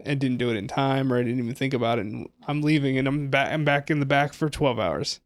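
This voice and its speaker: A man's voice: medium pitch, quick pace, no room sound. A man with an ordinary mid-range voice tells stories bluntly, stopping and restarting as he goes. The recording is close and dry. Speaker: podcast co-host. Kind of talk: casual chat, storytelling.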